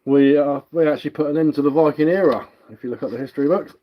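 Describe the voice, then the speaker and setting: In a slightly high, fast voice on a muffled recording, an English man carves wood during a bushcraft livestream. His London Cockney accent carries a hint of Sussex, and he rambles a bit casually while answering viewer comments.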